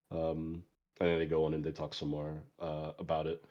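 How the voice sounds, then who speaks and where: A man's voice: very deep voice, monotone, a little fast, darkish tone. A man co-hosting a casual pop culture talk show, reading news quotes aloud with offhand asides. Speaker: co-host. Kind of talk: casual podcast discussion. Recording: dull lo-fi audio.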